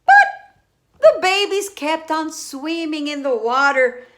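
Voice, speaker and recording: A woman reading a picture book aloud in a slow, expressive way, with many exclamations. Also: high voice. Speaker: storyteller.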